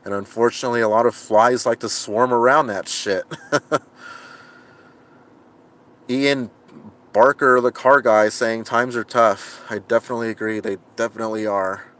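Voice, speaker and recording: A man's voice: medium pitch, fairly even intonation, normal speed, pauses often, a bit bright. A man live-streaming from inside his car, reading viewer comments and rambling with frustration, often restarting his sentences and laughing at himself. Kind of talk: casual livestream chat.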